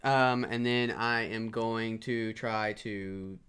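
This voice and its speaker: Bright-voiced male player. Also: lowish voice, fairly even intonation, slow pace, clear, resonant tone. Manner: swearing, laughing, telling his moves. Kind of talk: casual tabletop game play.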